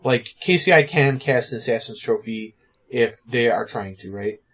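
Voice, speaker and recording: A man's voice: medium pitch, a bit bright. A man co-hosting a podcast, chatting casually about card game strategy, full of "like" and "you know". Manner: fast, filler-heavy, lots of "like" and "you know". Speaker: podcast co-host.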